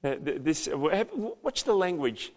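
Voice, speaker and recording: A man preaching a sermon as pastor, emphatic, with loud, dramatic peaks. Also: a little high, very animated, moderate pace. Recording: long hall reverb.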